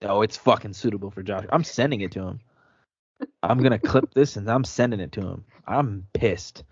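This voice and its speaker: A man's voice: on the low side, moderate pace, breathy edge, no echo. Man ranting hard on a podcast. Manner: profane, heated ranting storyteller. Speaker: podcast host. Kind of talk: casual sports podcast rant. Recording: dry, dull lo-fi sound.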